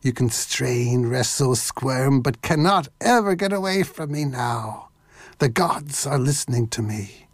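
A man's voice: mid-range voice, animated, a little slow, dry recording, studio quality. A man voicing a frantic, lovesick female water nymph who pleads and sobs breathlessly in a storybook reading. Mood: hissing.

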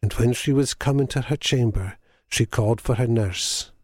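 A man reading a fable aloud as a scripted narration, measured and solemn. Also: mid-range voice, no room sound, studio quality.

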